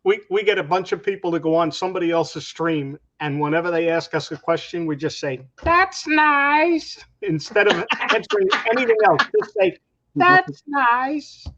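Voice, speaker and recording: A man's voice: fairly high pitch, a little fast, few pauses, a little hiss or hum. A man joking around as a guest in a casual online chat, teasing the others. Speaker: stream guest. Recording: lo-fi call audio.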